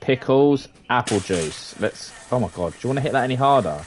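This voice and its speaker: A British man giving chatty let's-play commentary, muttering at the game with sing-song hums and sudden high exclamations. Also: expressive, a little fast, a little hiss or hum. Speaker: gamer playing for his sons.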